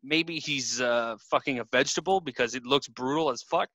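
Podcast co-host, male, bright crisp tone, raunchy joking banter, close dry mic. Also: medium pitch, a little fast, no room sound. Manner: laughs often, swears freely, animated storytelling. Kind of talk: crude casual banter.

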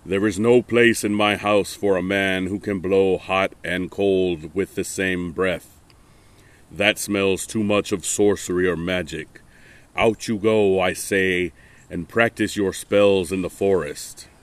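A man voicing a gruff, bearded, horned satyr patriarch in a storybook reading, talking sternly and bluntly. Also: low-pitched, steady tone, moderate pace, close to an everyday voice. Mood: indignant. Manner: stern and blunt, growing indignant.

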